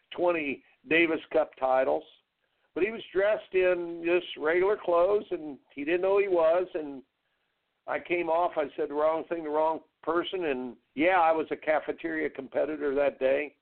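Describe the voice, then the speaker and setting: A man's voice: fairly high pitch, vocal fry. A middle-aged man, a tennis coach hosting a radio show, telling rambling anecdotes with quoted dialogue and repeated words. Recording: narrow phone-like radio line.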